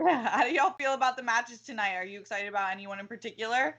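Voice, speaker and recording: A woman's voice: a little high, fast, a bit bright, muffled recording. A young woman hosting a live stream, upbeat and casual, swearing and reading out donations. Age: young adult. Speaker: host.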